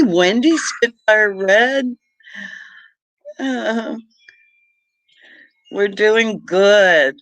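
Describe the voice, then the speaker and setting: Bright, slow-talking man chatting on a livestream. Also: high-pitched, dry recording, poor audio. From Britain. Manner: chatty, laughs often, greets viewers by name. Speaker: homestead livestream host. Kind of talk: casual livestream chat.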